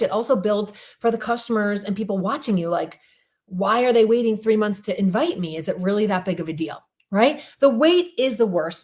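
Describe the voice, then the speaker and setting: A middle-aged woman coach giving an animated motivational talk on a group call, telling stories and repeating her points for emphasis. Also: a little high. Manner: animated storytelling, emphatic repetition.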